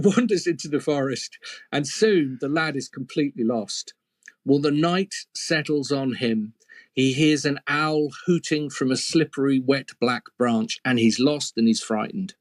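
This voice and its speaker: Unhurried and medium in pitch, a man shares an old fairy tale as oral storytelling, with no room sound. He speaks in a relaxed, conversational way and turns to the listener now and then with playful asides.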